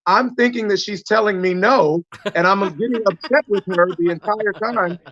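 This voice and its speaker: A man from the United States, a guest actor, telling animated stories in a casual live-stream chat. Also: high voice, moderate pace, no room sound, muffled recording.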